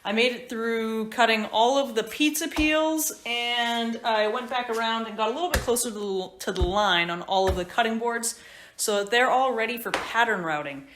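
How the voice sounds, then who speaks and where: A woman's voice: a little high, moderate pace, echoey room, background noise. A woman woodworker talking casually in a chatty, upbeat vlog diary from her workshop. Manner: chatty, upbeat, rambling asides. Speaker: woodworker vlogger. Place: woodworking shop.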